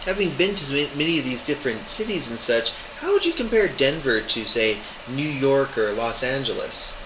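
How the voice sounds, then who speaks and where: A man with a mid-range voice asks short, easygoing interview questions. Steady noise runs clearly under his voice. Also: medium pitch, normal speed. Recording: noisy recording.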